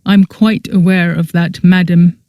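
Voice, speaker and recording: The narrator voicing a snooty, pompous male ghost butler with formal, haughty speech in a dark, mellow tone. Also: medium pitch, flat delivery, unhurried, no room sound, clean studio sound, natural voice.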